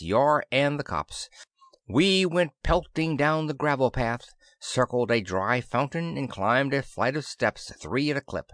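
A man reads a science fiction story in the first person, his pitch rising and falling with the action. The sound is dry and close, with no room around it. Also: no echo. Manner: lively first-person storytelling, voices characters. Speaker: audiobook narrator. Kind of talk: scripted narration.

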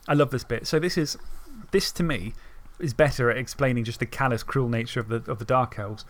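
A man's voice: mid-range voice, a little fast. A man co-hosting a podcast, chatting eagerly about a fantasy novel, reading lines aloud and often restarting his sentences. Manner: enthusiastic, reads passages aloud, restarts often. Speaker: podcast co-host. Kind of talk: casual book discussion.

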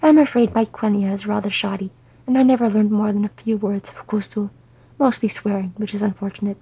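A woman's voice: medium pitch, steady tone, brisk, dark tone, husky. A woman voicing an old male hobbit who is fussy, kindly and rambling.

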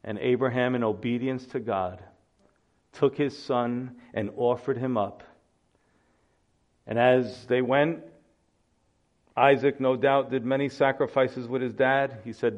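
Man, pastor, sermon, animated storyteller, mid pitch, lo-fi sound. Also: unhurried. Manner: animated storytelling preacher, acts out voices.

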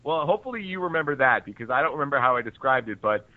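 A man co-hosting a podcast over the phone, speaking in a relaxed, chuckling way with short agreeing replies. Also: medium pitch, racing, dry recording. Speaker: podcast co-host on a call. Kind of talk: casual chat. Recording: tinny dry phone line.

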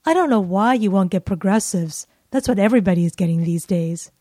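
A woman's voice: mid-range voice, brisk, mellow, no room sound, clean studio sound, close to an everyday voice. A woman voicing a bossy shopping companion in a scripted dialogue, teasing and pushy.

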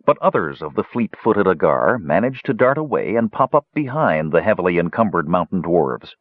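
A man in scripted audiobook narration, telling a fantasy story with animated delivery. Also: low voice, normal speed, breathy edge, dry recording. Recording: dull, dry lo-fi recording.

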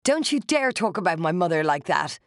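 A reader putting on a terrified teenage girl in an audiobook, high and shrill, her voice strained and pleading. The sound is dry and close-miked. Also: very animated, a little fast, dry recording. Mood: shaken. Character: frightened teenage girl, desperate and tearful. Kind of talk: audiobook character voice.

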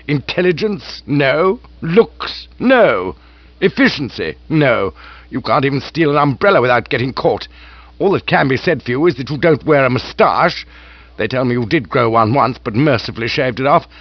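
A man voicing a hulking, bullying aristocrat who speaks with loud contempt and menace. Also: on the high side, no echo, highs cut off, pitched above the performer's own voice.

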